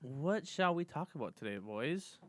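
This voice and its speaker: A man's voice: fairly high pitch, big pitch swings, unhurried, dry recording. Rambling young man hosting a podcast. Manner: rambling, many fillers and restarts. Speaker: podcast host. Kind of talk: casual chat. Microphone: desk mic.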